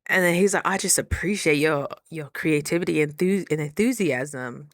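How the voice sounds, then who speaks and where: A young woman vlogs in a casual, chatty way, acting out what others said with lively asides to her viewers. Her voice sits a bit low for a woman, and the sound is close and dry with no room around it. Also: normal speed, dry recording. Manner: chatty, animated, acts out quoted dialogue; frequent rhetorical asides to viewers. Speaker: vlogger. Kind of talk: casual storytelling vlog.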